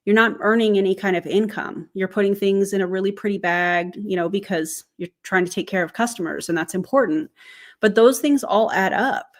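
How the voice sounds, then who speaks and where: A woman's voice: mid-range voice, fairly quick. A woman hosting a reaction commentary video, chatting to viewers and working through calculations step by step. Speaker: YouTube commentator.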